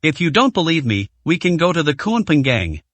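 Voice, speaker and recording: A man's voice: on the high side, sing-song, brisk, a bit bright, no echo. A male narrator voicing a cocky, nonchalant young security chief in a storybook reading. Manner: nonchalant, proud.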